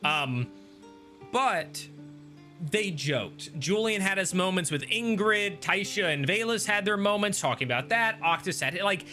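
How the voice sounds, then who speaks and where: Casual male streamer host, rambling chat delivery, brightish tone over quiet game music. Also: high voice, animated, a little slow. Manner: rambling, many ums and restarts, reads chat aloud. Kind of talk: casual chat while gaming.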